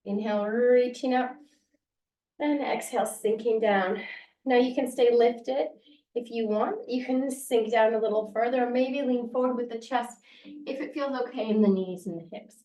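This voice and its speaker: A woman's voice: mid-range voice, darkish tone. A woman teaching a yoga class, guiding moves and breaths and counting down with encouraging words. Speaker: yoga instructor. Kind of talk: guided yoga class instruction. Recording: roomy sound, distant from the mic.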